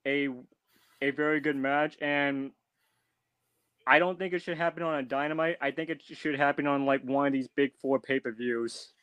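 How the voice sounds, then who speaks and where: Smooth-voiced hesitant male guest. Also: a little high, steady tone, normal speed, fairly bright tone, dry recording. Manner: hesitant, many restarts and fillers. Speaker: podcast guest. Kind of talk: casual chat.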